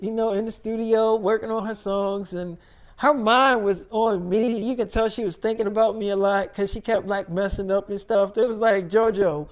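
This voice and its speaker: A man's voice: sits high, fairly even intonation, moderate pace. A man telling a long casual story in a rambling, slangy way, full of fillers and repeats. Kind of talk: casual freestyle storytelling monologue.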